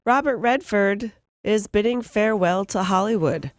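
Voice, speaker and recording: A woman co-hosting a morning radio show, reading entertainment news and telling stories briskly. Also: mid-range voice, no echo, clean studio sound. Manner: brisk storytelling, bright laughs.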